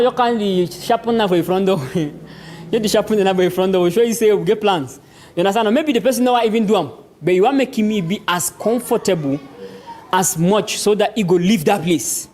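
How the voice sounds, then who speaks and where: A young man with a Cameroonian Pidgin English accent gives an animated community lecture, chuckling often as he talks. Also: sits high, slight background noise. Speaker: workshop speaker. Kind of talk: community lecture on hate speech. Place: public venue.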